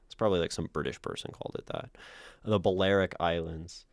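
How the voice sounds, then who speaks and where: A man with a very deep voice reads aloud and comments on a livestream, wandering through his thoughts with lots of "like" and "um", correcting himself and laughing as he goes. The sound is close and dry, with no room around it. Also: lively intonation, fast, gravelly, no echo. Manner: rambling, thinking aloud, many fillers and self-corrections; laughs often mid-sentence. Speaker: livestream host reading viewer submissions.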